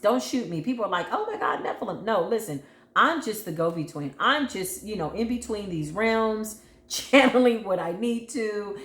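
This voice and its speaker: A woman's voice: deep voice, echoey room. A woman giving a tarot reading to her viewers, talking emphatically and expressively and addressing them directly. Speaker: tarot reader.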